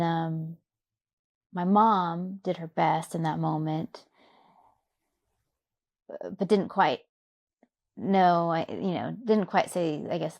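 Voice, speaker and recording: A young adult woman from Louisiana, an interview guest telling her own story in a reflective, soft-spoken way with many fillers. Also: on the low side, creaky. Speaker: podcast guest. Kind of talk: personal story in a conversational interview.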